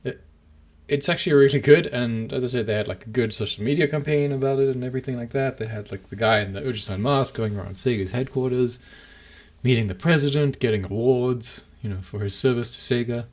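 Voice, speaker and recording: A man's voice: mid-range voice, brisk. A man co-hosting a podcast, chatting casually and rambling, with lots of fillers and restarts. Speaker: podcast co-host.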